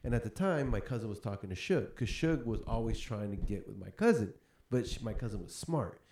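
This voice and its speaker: A man hosting a podcast, telling a story in a casual, animated way and laughing often. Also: lowish voice, fairly quick, a little hiss or hum. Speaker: podcast host. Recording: roomy echo.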